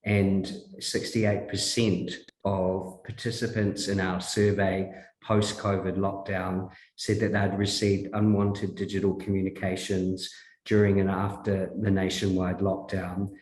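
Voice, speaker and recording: A man introducing a speaker at an online safety event in a measured, presenter-like way. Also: low voice, little pitch movement, darkish tone. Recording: roomy echo.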